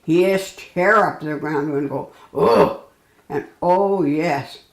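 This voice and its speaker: A woman reading a folksy children's bedtime story aloud, pausing and correcting herself as she goes. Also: deep voice, reverberant, low-quality recording. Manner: halting, self-correcting storytelling.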